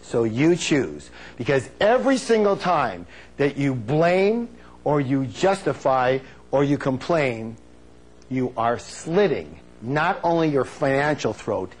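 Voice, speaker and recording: A man giving a live motivational seminar on stage, energetic and playful, drawing call-and-response answers from the audience. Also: slow pace, slightly rough. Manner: playful, acts out quotes in high silly voices.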